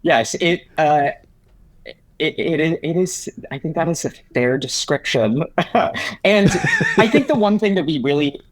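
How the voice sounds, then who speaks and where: Bubbly young actor talking shop. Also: male voice, on the high side, big pitch swings, no echo, low-quality recording. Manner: bubbly, laughs often, quick asides. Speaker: actor, podcast guest. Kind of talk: casual interview chat.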